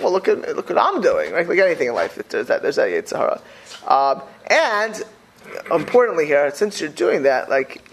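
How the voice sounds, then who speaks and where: A man with a high-pitched, gravelly voice talks casually. He rambles in an animated way and keeps restarting his sentences. Faint noise sits under the recording. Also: rough recording. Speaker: speaker. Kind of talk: casual talk on religious community life.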